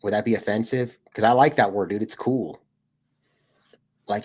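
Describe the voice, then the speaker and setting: A man's voice: on the low side, normal speed, darkish tone, breathy edge. A young American man hosting a casual livestream, rambling in a laid-back way and saying "dude" a lot. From United States. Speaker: streamer and channel host.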